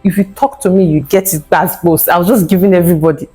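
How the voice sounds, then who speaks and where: A woman's voice: on the low side, fairly even intonation, fast, mellow, breathy edge, faint music behind, poor audio. Earnest woman telling a personal story. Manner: earnest, emotional retelling with acted quotes. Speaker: vlogger sharing a fertility testimony.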